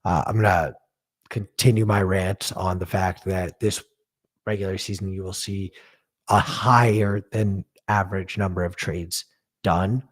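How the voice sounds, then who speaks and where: A man with a low voice hosts a casual sports chat. He talks bluntly and swears, ranting and laughing at his own jokes. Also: steady tone, measured pace. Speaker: podcast co-host.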